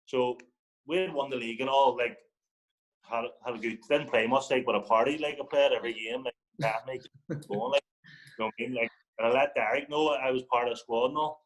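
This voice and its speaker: A Northern Irish man at a middling pitch, spinning casual stories as a podcast guest. He tells his anecdotes with animation and slips into the voices of the people he quotes. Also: a little fast, rough recording. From Northern Ireland. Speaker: podcast guest, former footballer. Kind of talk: casual storytelling.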